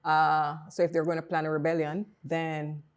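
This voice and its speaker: A woman's voice: deep voice, level tone, normal speed, a loud crowd. A woman from Jamaica with a Jamaican accent, a poet explaining her work in a casual interview. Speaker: poet guest.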